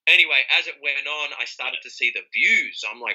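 A young male rapper, speaking at a moderate pace over poor audio, recounts his reaction in a casual interview. He's animated, acting out his own surprised responses with sudden high-pitched exclamations.

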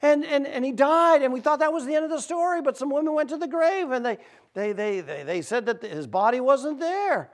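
A pastor voicing a bewildered male traveler who excitedly recounts recent events in disbelief. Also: on the high side, rapid-fire, creaky, heavily acted. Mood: incredulous. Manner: incredulous, excited retelling.

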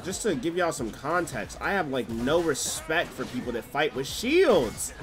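Excitable, profane young male streamer. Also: medium pitch, moderate pace, faint music behind. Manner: profane, excitable, trash-talking. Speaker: game streamer. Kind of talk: casual live gameplay commentary.

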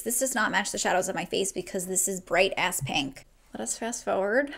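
Young woman from New Jersey, gravelly vocal fry, chatty and gushing beauty vlogger at home. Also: mid-range voice, normal speed, a bit bright. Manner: chatty, gushing, swears casually. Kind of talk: casual makeup tutorial. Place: at home, indoors.

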